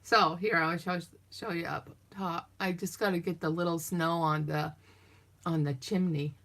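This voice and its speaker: Chatty middle-aged woman with vocal fry. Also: lowish voice, steady tone, unhurried, a bit bright. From Southern United States. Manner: chatty, rambling storyteller, talks to viewers while working. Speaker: craft vlogger. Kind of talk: casual chat while crafting.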